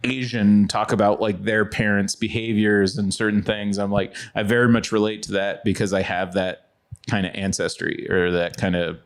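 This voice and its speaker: A man's voice: fairly low pitch, level tone, normal speed. A man co-hosting a podcast in casual chat, a comedian who rambles and restarts his sentences a lot. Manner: rambling, hesitant with many restarts.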